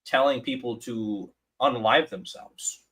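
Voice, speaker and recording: A man's voice: medium pitch, measured pace, fairly bright tone, slightly rough, poor audio. A man co-hosting a live stream, telling a story in casual chat with lots of restarts and fillers. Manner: rambling storyteller, many restarts and "like"s.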